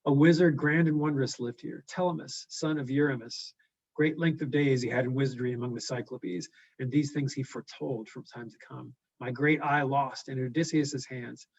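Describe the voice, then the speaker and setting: A man voicing a blind, enraged male giant Cyclops, talking loudly and menacingly. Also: medium pitch, steady tone, moderate pace, creaky. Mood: mournful. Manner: loud, brooding and menacing. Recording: dull lo-fi recording.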